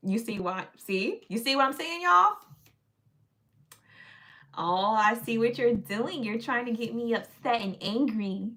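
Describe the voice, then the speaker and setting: A woman hosting a casual livestream, talking in an animated, sassy, teasing way. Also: fairly high pitch, unhurried. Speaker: livestream host.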